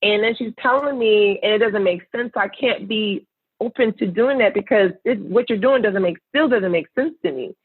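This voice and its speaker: A woman's voice: medium pitch, moderate pace, slightly rough, no echo. Earnest woman on a tinny line. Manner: earnest, reflective, searching for words. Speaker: podcast guest, entrepreneur. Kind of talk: personal storytelling in conversation. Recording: tinny phone-like line, dry.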